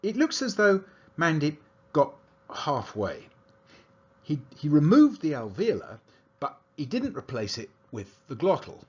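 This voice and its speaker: A man giving an academic lecture as a university lecturer, explaining an analysis in a steady, methodical way. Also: a little high, measured pace, slightly rough, dull audio. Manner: explanatory, analytical delivery with lively intonation.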